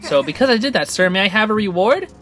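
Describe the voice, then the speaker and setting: A gaming channel host giving excitable, rambling let's-play commentary with frequent laughs. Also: mid-range voice, fast, faint music behind.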